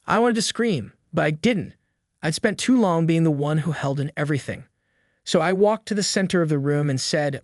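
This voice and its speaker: A male narrator reading a first-person drama in a somber, earnest tone. His voice sits fairly high for a man. The sound is dry and close, with no room. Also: expressive, normal speed, no room sound.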